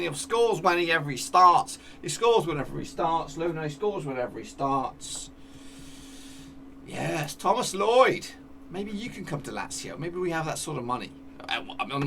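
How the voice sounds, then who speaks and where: A man giving excitable live commentary over a football management game, cheering at goals and talking to his players. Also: fairly high pitch, vocal fry, recorded from a distance, slight background noise. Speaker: gaming YouTuber.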